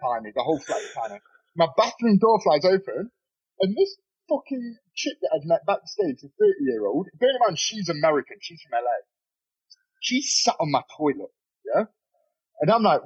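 Husky podcast guest, lively delivery, dull lo-fi recording. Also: male voice, high-pitched, normal speed. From Nottingham, England. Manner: animated, swears freely, laughs mid-story. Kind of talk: casual storytelling. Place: bedroom.

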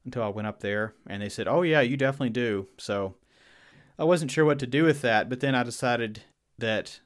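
Southern-accented Virginia man, unhurried. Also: mid-range voice. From Virginia, USA. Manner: thoughtful, unhurried, restarts phrases. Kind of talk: casual podcast conversation.

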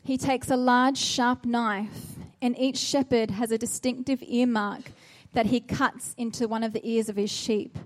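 A woman's voice: fairly high pitch, steady tone, a little slow, few pauses. A woman preaching a sermon, earnest and exhorting, with a run of searching rhetorical questions.

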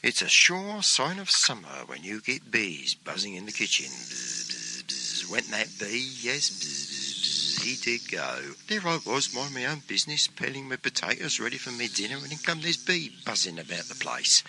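A man's voice: mid-range voice, sing-song, normal speed, hardly any pauses, heavy background noise. A man hosting his own broadcast and telling a playful homemade story in a chatty, theatrical way. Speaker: host and storyteller.

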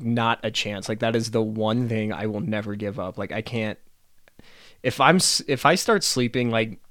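A man's voice: lowish voice, fairly bright tone, no echo, clean studio sound. A young man hosting a casual solo podcast, rambling and swearing freely and laughing at his own stories. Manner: rambling, profane, laughs often. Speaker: podcast host.

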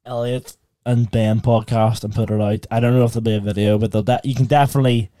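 A man's voice: medium pitch, steady tone, quick pace, dark tone. A young man, chatting on a casual podcast. He tells his stories loosely and laughs often as he goes. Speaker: podcast co-host. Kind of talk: casual chat, storytelling.

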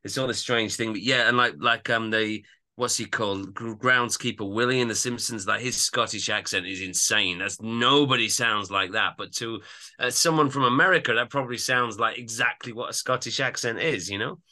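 Bright-toned man. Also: medium pitch, normal speed. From Yorkshire, England. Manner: easygoing, agreeable, trails off mid-thought. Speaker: podcast co-host. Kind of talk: casual music review chat.

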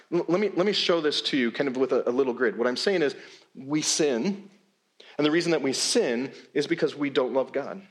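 A male pastor preaching a sermon in a church, with a conversational, emphatic delivery and frequent repeated words. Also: mid-range voice. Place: church sanctuary.

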